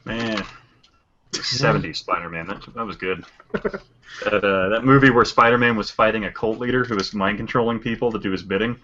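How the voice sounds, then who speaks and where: A man co-hosting a casual podcast chat, joking and animated. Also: lowish voice, brisk, dull audio. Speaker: podcast co-host.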